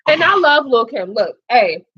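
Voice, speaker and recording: A young woman with a fairly high voice gives her blunt, opinionated takes in a casual gossip chat. She swears freely. The sound is dull and lo-fi. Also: very animated, unhurried, fairly bright tone, slightly rough. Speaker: co-host.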